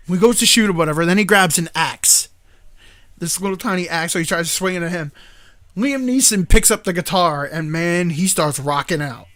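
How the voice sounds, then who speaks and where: A man hosting a live stream show, rambling through a movie plot in a casual, animated way with frequent laughter. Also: high-pitched, dry recording. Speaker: show host.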